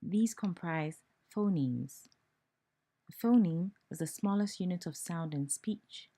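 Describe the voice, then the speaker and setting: Ghanaian woman teacher, deep and unhurried, spells out each sound clearly. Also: mellow. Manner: slow, deliberate, spells out sounds. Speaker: language teacher. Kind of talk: slow, careful pronunciation lesson.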